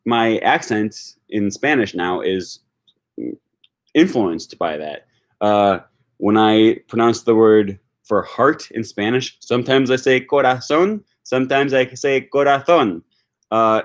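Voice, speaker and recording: A man talking off the cuff on his own channel about learning languages, with many fillers and restarts. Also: fairly low pitch. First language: English. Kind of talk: unscripted video talk.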